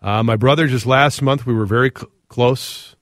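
A middle-aged man hosting a radio talk show, reading listener texts aloud in an earnest, reflective way with frequent pauses. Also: medium pitch, no room sound, studio quality.

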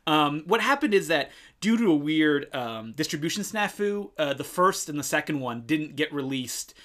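A man co-hosting a casual film podcast, sharing film history in a brisk, amused way. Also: fairly high pitch, lively intonation, a bit bright. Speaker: podcast co-host.

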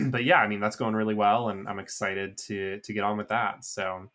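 A man's voice: on the low side, little pitch movement, normal speed, fairly bright tone. A man hosting a wrestling podcast, chatting in an easygoing, rambling way with many fillers. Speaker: podcast host. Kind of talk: casual chat.

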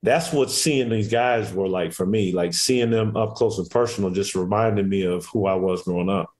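A man in his forties, a former athlete, talking in a relaxed, rambling, reflective way as a radio show guest. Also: low-pitched, normal speed. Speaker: guest, former basketball player and coach. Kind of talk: casual interview chat.

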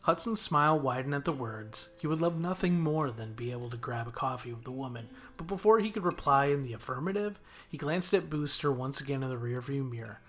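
A man reading a story chapter aloud as a guest narrator, in a steady, measured way. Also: medium pitch, slightly rough. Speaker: guest reader. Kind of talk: audiobook narration.

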